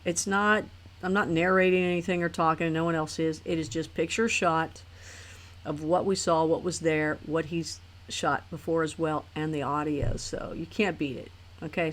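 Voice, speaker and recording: A woman hosting a live stream, talking casually and rambling chattily with her viewers. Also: on the low side. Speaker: host of a live talk stream.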